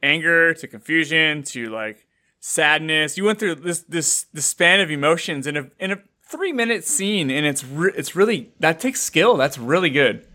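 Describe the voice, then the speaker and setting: Bright-voiced enthusiastic male host. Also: a little high, lively intonation, normal speed. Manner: enthusiastic, hesitant fillers and restarts. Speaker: interview host. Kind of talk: casual interview chat.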